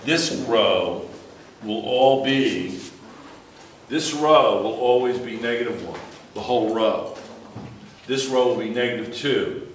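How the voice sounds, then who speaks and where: A man's voice: mid-range voice, takes it slowly. A man teaching a chemistry class, lecturing and teasing his students with jokes. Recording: echoey classroom with faint background noise.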